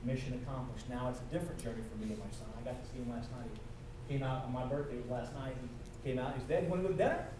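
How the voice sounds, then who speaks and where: A middle-aged man giving a live motivational speech, telling a personal story and building up to loud, fervent exhortation. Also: mid-range voice, little pitch movement, rapid-fire. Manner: storytelling, swings from hushed to shouting. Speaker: motivational speaker. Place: conference hall with audience. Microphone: audience camera recording from afar. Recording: echoey hall from far off, noisy.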